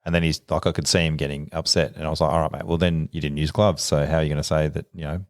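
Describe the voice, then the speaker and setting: Very deep-voiced fast Australian man. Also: dry recording, studio quality. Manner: animated storyteller, acts out quoted dialogue, laughs often. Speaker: police officer. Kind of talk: casual podcast chat.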